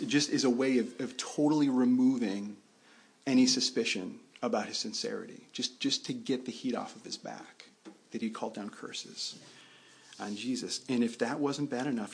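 A man's voice: mid-range voice, a little hiss or hum. A man preaching a sermon in a conversational way, often restarting his sentences. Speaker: pastor.

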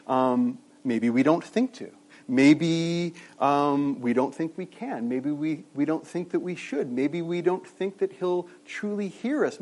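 A pastor with a fairly high, slightly mellow voice preaches in a conversational style. He poses questions to his listeners and frequently starts his sentences over.

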